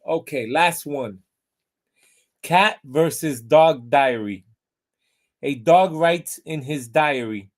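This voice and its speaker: Upbeat man hosting a show, higher voice. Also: slow pace, long pauses. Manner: upbeat, loud show-host delivery. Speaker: show host. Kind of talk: casual show hosting, reading jokes.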